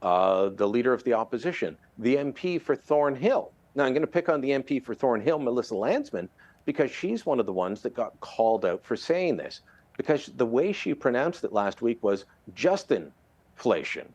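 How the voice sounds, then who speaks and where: A middle-aged Canadian man, a political contributor, discusses the news in an animated, chatty style, his pitch swinging widely as he drops into quick impressions of the people he quotes. It feels like a relaxed interview segment. The recording is dry and dull.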